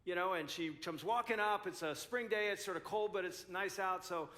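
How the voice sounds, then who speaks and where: At a couples conference, a pastor in his sixties tells a story animatedly, acting out both sides. His high-pitched voice is bright and forceful, and he speaks at a moderate pace.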